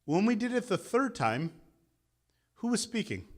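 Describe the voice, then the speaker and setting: A man's voice: sits high, big pitch swings, a little slow. A man in his thirties, a meditation teacher giving a guided meditation talk and leading a group in call-and-response chanting at an interfaith gathering.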